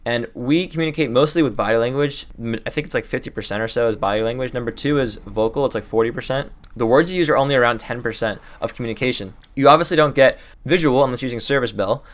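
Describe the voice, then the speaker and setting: A young man teaching cold-calling tips in a casual, excited way, riffing off the top of his head and talking quickly. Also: medium pitch. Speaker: sales trainer. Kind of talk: fast casual teaching to camera.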